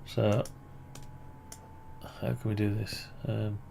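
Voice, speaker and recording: A man with a deeply gravelly, creaky voice talks slowly and unhurriedly, thinking aloud through an amateur radio antenna project at his computer. He rambles and corrects himself mid-sentence, with a faint hum of noise behind him. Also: flat delivery, warm tone. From United Kingdom. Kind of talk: casual screen-share walkthrough.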